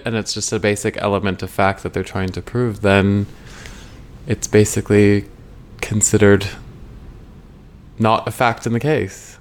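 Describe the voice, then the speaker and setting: A man's voice: lowish voice, flat delivery, unhurried, pauses often. A man co-hosting a casual legal podcast, reasoning through an answer step by step. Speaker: podcast co-host.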